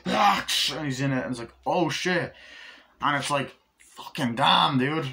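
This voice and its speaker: A man's voice: a little slow, creaky, bright, forceful tone. A man giving a casual, rambling film review, swearing often and acting out scenes. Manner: rambling, profane, acts out scenes in a higher voice. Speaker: movie reviewer.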